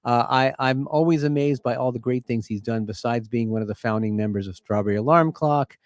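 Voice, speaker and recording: A man's voice: mid-range voice, a little fast, no room sound, clean studio sound. A man hosting a music stream, chatting in a rambling, grateful way before introducing the last song. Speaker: host and musician. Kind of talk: casual chat introducing songs.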